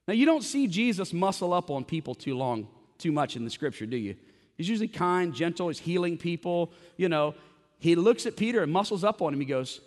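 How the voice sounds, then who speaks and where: A male pastor delivers a Sunday sermon with a notably high voice. He talks to the congregation conversationally, tossing out rhetorical questions and stumbling over repeated words. His voice rings out with a long reverb across a large hall. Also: lively intonation, a little fast. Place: church service.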